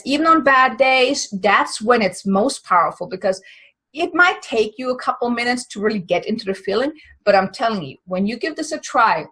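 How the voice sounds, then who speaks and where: Husky-voiced woman giving emphatic coaching. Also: fairly high pitch, fairly bright tone. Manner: emphatic, earnest, encouraging. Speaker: business motivation coach. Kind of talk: motivational advice talk to camera.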